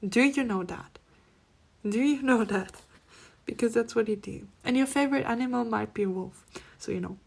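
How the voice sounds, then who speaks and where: A woman giving a pick-a-card spiritual reading, speaking softly and often dropping to a near-whisper, then breaking into laughs. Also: fairly high pitch, moderate pace, creaky, slightly rough. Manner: soft-spoken, drifting between near-whispers and laughing outbursts. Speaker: tarot reader.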